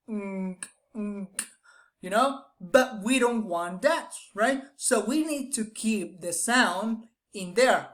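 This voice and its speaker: A woman teaching English pronunciation who demonstrates each sound aloud, often restarts phrases with "I mean", and keeps checking in with "right?" and "you know?". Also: medium pitch. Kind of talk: explanatory phonetics lesson.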